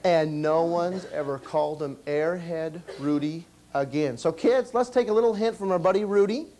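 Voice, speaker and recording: A man's voice: on the high side, moderate pace, crowd noise. A man performing as a children's entertainer, telling a comic story on stage and firing questions at the kids. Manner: animated, quizzes the kids.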